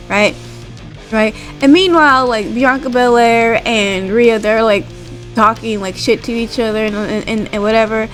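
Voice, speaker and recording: A woman with a somewhat high voice gives a loose, chatty recap of a wrestling show. She rambles on, peppering her sentences with filler and asking "right?" as she goes. Faint music plays underneath. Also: steady tone, unhurried, fairly bright tone, poor audio. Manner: rambling, full of "like" and "right?" tags. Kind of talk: casual spoken recap.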